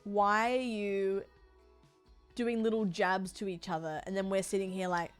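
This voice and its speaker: A woman's voice: mid-range voice, level tone, measured pace, clear, resonant tone, soft background music. Chatty woman streamer, frank and rambling. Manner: rambling, frank, swears freely, full of fillers and playful bits. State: sore body. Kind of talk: casual chat while gaming on stream.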